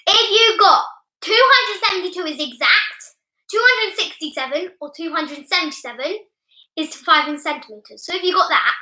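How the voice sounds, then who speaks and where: A young woman helping run a family quiz, chatty and excitable, often cutting in. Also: very high voice, moderate pace, slight background noise. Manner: chatty, excitable, keeps interrupting. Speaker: quiz co-host. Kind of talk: casual chat. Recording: echoey room.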